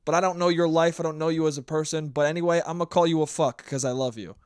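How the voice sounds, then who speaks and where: A man's voice: fairly high pitch, fairly even intonation, fast talker, darkish tone, clear, resonant tone, no echo, studio quality. A man hosting a solo podcast, rambling and profane in a casual, self-mocking monologue. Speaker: podcast host.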